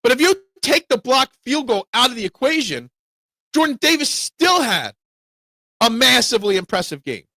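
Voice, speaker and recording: A man hosting a live sports talk show, giving opinionated, excitable fan takes and answering chat. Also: extremely high pitch, moderate pace, no room sound.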